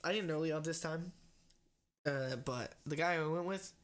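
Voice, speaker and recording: A man's voice: fairly high pitch, moderate pace. A young man co-hosting a casual podcast, telling stories with lots of "like" and free swearing. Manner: animated storyteller, heavy filler "like", swears freely. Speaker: podcast co-host. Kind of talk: casual chat.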